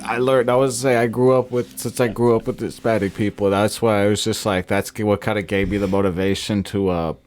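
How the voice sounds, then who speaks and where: A man's voice: on the low side, fairly even intonation, fairly quick, few pauses, a little mellow. A young man from northern Illinois, a podcast co-host chatting casually, rambling and repeating himself with lots of fillers. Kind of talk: casual chat.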